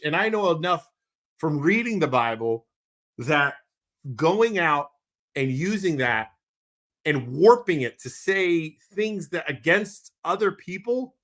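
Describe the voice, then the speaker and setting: A married man co-hosting a podcast, ranting heatedly and bluntly, repeating himself when worked up. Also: high voice. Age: adult with a wife. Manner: calms down when making announcements. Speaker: podcast co-host. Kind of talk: passionate podcast rant.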